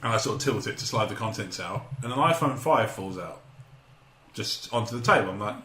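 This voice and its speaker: A man's voice: fairly low pitch, expressive, a little fast, sharp tone. A man hosting a podcast, telling a rambling story with jokes and frequent laughter. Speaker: podcast host. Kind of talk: casual chat. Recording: echoey room, faint noise.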